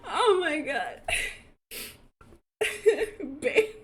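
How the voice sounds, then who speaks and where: A young woman streaming a life-sim game, chatting casually and breaking into laughing fits while she reacts to chat. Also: extremely high pitch. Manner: giggly, laughing fits, reads chat aloud.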